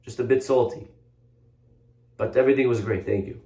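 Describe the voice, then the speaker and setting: A man's voice: mid-range voice, fairly even intonation, fairly quick, mellow, close to an everyday voice. A man voicing a male rabbi who casually shrugs off blame. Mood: dismissive. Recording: echoey room.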